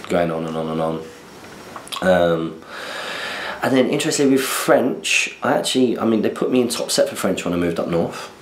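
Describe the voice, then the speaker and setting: A man's voice: low-pitched, lively intonation, normal speed, reverberant, slight background noise. A young man from southern England hosting a podcast, chatting casually in a rambling, self-deprecating way. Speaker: podcast host. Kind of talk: casual chat.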